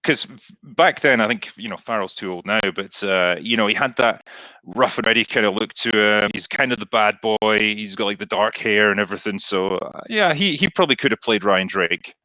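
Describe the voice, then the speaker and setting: A man's voice: fairly low pitch, moderate pace, pushed and bright, dry recording, rough recording. A man being interviewed as a film reviewer, talking in a thoughtful, reflective way. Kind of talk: casual interview talk.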